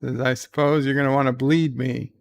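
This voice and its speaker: A man giving casual live commentary on a TV episode, loosely recapping scenes and reading viewer chat questions aloud, thinking out loud as he answers. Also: medium pitch, steady tone, brisk, creaky, dry recording. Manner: thinks out loud with fillers and restarts.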